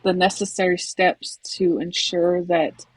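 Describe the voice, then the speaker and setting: A woman basketball coach talking in a soft-spoken, reserved way about her team in a casual conversation. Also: lowish voice, level tone, unhurried, dry recording, rough recording.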